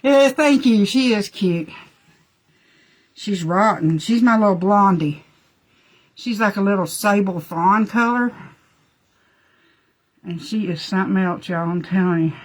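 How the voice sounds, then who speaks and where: A woman's voice: medium pitch, measured pace, pauses often. A woman chatting folksily through a live makeup demo, talking to her dogs between steps.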